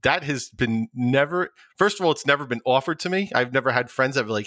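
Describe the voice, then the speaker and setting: A middle-aged man co-hosting a casual podcast. His voice is bright and his pitch swings widely. He laughs often and stumbles into repeated words. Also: animated, brisk, hardly any pauses. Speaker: podcast co-host. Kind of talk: casual chat.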